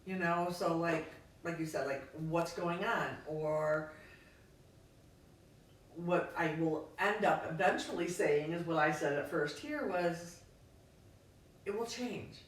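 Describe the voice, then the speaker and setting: A woman's voice: deep voice, unhurried. A woman co-hosting a casual talk, thinking aloud in a reflective way with lots of fillers. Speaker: podcast co-host. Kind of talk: casual conversation. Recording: echoey room from far off, faint noise.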